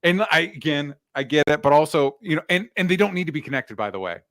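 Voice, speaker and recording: A man's voice: fairly high pitch, very animated, quick pace, fairly bright tone, no room sound, studio quality. A man co-hosting a podcast in casual chat, easygoing and agreeable, reading out chat questions. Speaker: podcast co-host.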